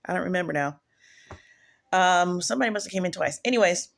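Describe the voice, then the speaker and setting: A woman's voice: lowish voice, fairly quick, creaky. A woman preaching casually in a home video, rambling and digressive, often restarting her sentences. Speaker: online prophetess.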